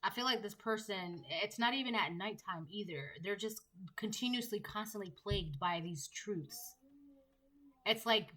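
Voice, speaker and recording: A woman's voice: mid-range voice, normal speed, a bit bright, low-quality recording. A woman giving a collective tarot reading, talking emphatically and piling up repeated rhetorical questions. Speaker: tarot reader.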